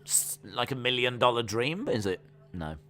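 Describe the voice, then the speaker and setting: A man hosts a live stream, chatting casually and giving play-by-play of the action, rambling and trailing off with plenty of fillers. His medium-pitched voice is expressive and a bit bright, at normal speed.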